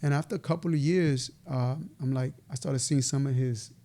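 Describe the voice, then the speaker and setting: A man, telling stories in a casual, animated way as a podcast guest, laughing now and then. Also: mid-range voice, normal speed. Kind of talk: casual storytelling interview.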